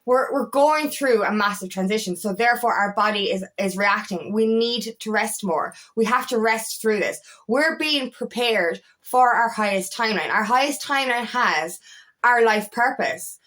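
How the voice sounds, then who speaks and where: A woman's voice: a little high, normal speed, a bit bright. A woman spiritual coach talking casually to camera, candid and rambling, swearing freely.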